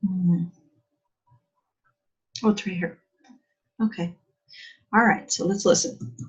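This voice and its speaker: A woman's voice: lowish voice, fairly even intonation, takes it slowly, husky. A woman teacher giving a chatty English exam lesson, asking rhetorical questions and using plenty of fillers. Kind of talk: online lesson. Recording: dull lo-fi sound.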